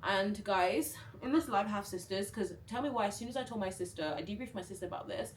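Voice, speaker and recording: A young woman vlogging a casual storytime, chatty and animated, full of fillers. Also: medium pitch, fast talker, a little hiss or hum.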